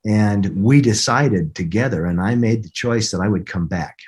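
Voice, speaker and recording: A middle-aged man with a husky voice, recounting a personal story as a podcast guest in an earnest, halting way with many restarts. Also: on the low side, a little mellow.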